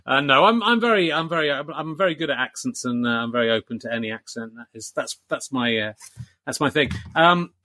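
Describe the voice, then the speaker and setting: A man's voice: medium pitch, expressive, a little fast, bright, forceful tone, no room sound, clean studio sound. A man from Yorkshire hosting a comedy podcast, with faint traces of a Yorkshire accent, chuckling and self-deprecating in casual chat. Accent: English, faint Yorkshire traces. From Yorkshire, England. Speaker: podcast host.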